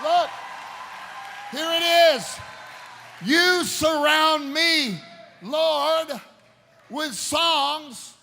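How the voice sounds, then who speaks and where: Fervent shouting preacher in a big hall. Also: male voice, very high-pitched, extremely slow, vocal fry, pauses often, slight background noise. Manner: fervent, bursts into shouts, talks straight to the crowd. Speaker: preacher and worship musician. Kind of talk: live sermon. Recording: long reverb in a big hall, faint ambience.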